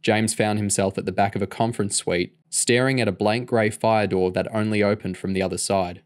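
A man reading a novel aloud for listeners. His voice sits on the low side and he keeps a steady, measured storytelling pace. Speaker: audiobook reader. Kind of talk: read-aloud narration.

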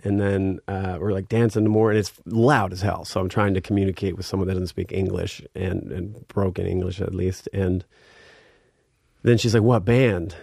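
A man's voice: low-pitched, level tone, moderate pace, vocal fry, a little mellow, husky, dry recording, studio quality. A man in his thirties, a guest musician, telling a story in a laid-back way with many fillers, getting livelier as he acts out scenes. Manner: laid-back, filler-heavy, reenacts scenes with rising energy. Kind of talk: casual storytelling.

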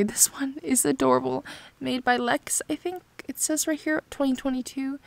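Gushing woman with a higher voice. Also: steady tone, moderate pace, vocal fry, no room sound. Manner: gushing and sentimental, with frequent sighs. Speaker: channel host reacting to fan art. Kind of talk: casual chat.

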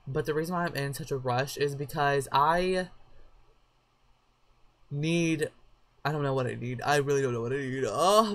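A woman chatting through a life-sim game with a sore throat and a headache, excitable and swearing freely at her characters. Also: rumbling low. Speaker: let's play gamer. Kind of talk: casual gameplay commentary.

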